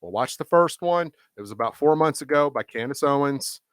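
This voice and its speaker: A man's voice: mid-range voice, lively intonation, fairly quick, clear, resonant tone, dry recording, studio quality. A man from the co-hosting a casual chat, teasing and contrary. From Southern US. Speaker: co-host.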